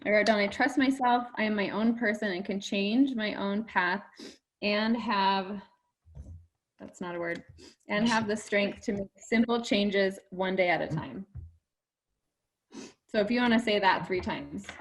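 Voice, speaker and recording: A woman's voice: medium pitch, measured pace, pauses often, rough recording. A woman leading a group mindset session over a video call, encouraging and emotional, laughing often.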